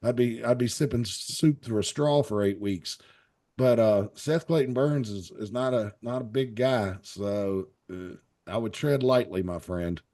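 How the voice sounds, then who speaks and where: A man's voice: mid-range voice, measured pace, warm tone. Folksy man hosting a wrestling chat. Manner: folksy, rambling, jokey. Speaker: wrestling show host. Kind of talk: casual live-stream chat.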